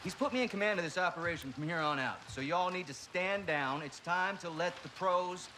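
An actor playing a cool, smug mercenary commander who speaks in a calm, measured, menacing way. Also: male voice, sits high, close to an everyday voice. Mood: coolly menacing. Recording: rain noise behind game audio.

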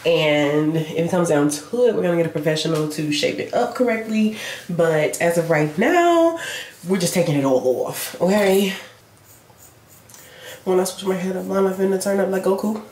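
Young woman, playful vlog chatter, lowish voice, echoey room. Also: expressive, normal speed, darkish tone, slight background noise. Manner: chatty, playful, swears freely. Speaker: vlogger. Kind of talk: casual self-filmed vlog.

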